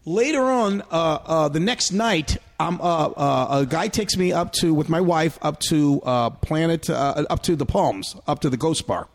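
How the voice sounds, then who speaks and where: A man's voice: on the high side, expressive, normal speed, few pauses. A middle-aged man telling rambling, profane stories in casual chat, with many restarts. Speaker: guest comedian. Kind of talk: casual storytelling.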